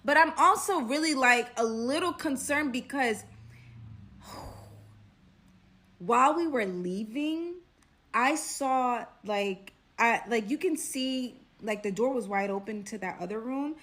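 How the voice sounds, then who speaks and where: A woman's voice: on the high side, expressive, slow pace, fairly bright tone. Chatty young New woman telling a story. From Brooklyn, New York. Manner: chatty, dramatic, lots of "like" and "right?". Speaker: storyteller vlogger. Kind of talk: casual storytime.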